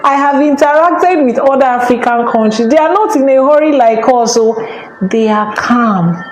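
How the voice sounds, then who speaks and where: A woman's voice: high-pitched, moderate pace. Nigerian woman telling travel stories. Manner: animated, switching voices when she quotes others. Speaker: spiritual teacher and channel host. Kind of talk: personal storytelling talk. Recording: echoey room with faint background noise.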